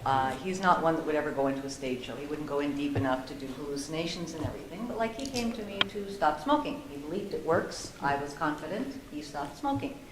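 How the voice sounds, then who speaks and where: A woman panelist telling a lively story at a discussion panel, often laughing. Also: low voice, fast, few pauses. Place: conference room with an audience. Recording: echoey room with faint noise.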